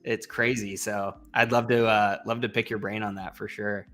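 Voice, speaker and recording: A man's voice: fairly low pitch, flat delivery, normal speed, music in the background. A man hosting a casual interview in an upbeat, encouraging way. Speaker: podcast host.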